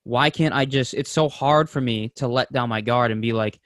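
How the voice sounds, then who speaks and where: A man's voice: medium pitch, normal speed, fairly bright tone, no room sound, studio quality. A man co-hosting a casual podcast, talking openly and rambling, swearing freely. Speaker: podcast co-host.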